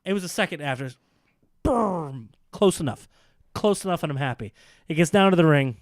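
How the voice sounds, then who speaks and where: A man co-hosting a casual wrestling podcast, sarcastic and quick to act out mock quotes in silly voices. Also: on the high side, lively intonation, no room sound, studio quality. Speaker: podcast co-host.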